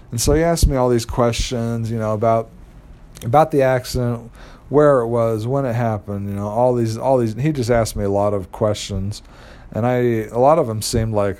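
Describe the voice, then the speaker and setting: A man's voice: mid-range voice, normal speed, darkish tone. A young man casually telling a personal story, rambling with many fillers and restarts.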